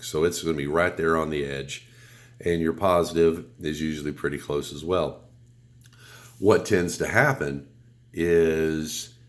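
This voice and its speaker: Guy with a cold, super deep voice, slow laid-back review, kinda blunt and swears a bit. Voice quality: deep radio announcer sound. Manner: relaxed, rambling, blunt, mild cursing. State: has a cold. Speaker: product reviewer. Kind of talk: casual product review.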